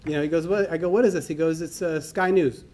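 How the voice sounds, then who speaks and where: A middle-aged man telling a personal story to a conference audience, acting out the dialogue in an animated way. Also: on the high side, fast talker. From New York. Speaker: conference speaker. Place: conference hall.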